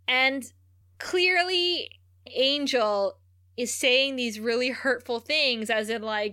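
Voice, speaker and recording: A woman co-hosting a casual podcast, recapping a TV episode in an animated way and acting out the characters' lines. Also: fairly high pitch, normal speed, no echo, studio quality. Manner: animated retelling, acting out quoted lines, frequent laughs.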